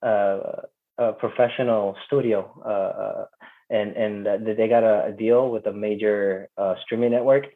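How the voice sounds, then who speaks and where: A man's voice: fairly low pitch, steady tone, measured pace. A man guest, a second-language speaker, rapping a verse and then talking hesitantly with many fillers over a call. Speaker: interview guest. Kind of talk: rapping a spoken-word verse, then casual talk. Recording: tinny phone-like audio.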